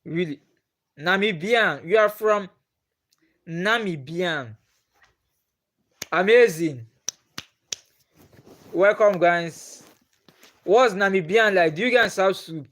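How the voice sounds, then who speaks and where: A man's voice: sits high, takes it slowly, pauses often, fairly bright tone. A man with a Nigerian accent, chatting on a live stream and putting the same questions to his viewers again and again. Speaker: livestreamer.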